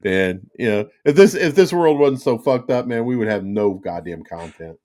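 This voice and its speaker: A man's voice: lowish voice, lively intonation, moderate pace, darkish tone. A man co-hosting a casual podcast, swearing freely and often cracking up laughing. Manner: profane, breaks into helpless laughter. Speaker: podcast co-host.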